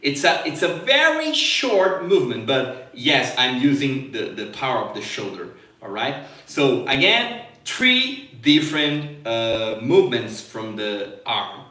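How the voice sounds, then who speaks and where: A man's voice: mid-range voice, big pitch swings, a little slow, bright, forceful tone, echoey room, far from the mic. A man teaching jazz guitar in a live lesson, explaining step by step, stopping to demonstrate on the guitar and checking in with "okay?".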